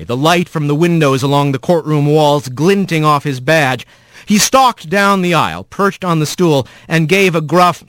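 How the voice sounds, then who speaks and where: A man narrating an animal courtroom story in an expressive audiobook style. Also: a little high, normal speed, no room sound, studio quality.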